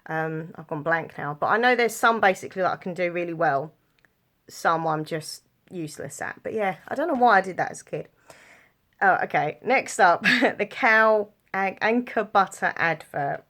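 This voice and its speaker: A woman's voice: on the low side, expressive, moderate pace, fairly bright tone. A young woman vlogging to camera, chatty and giggly, rambling with lots of fillers. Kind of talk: casual chat to camera.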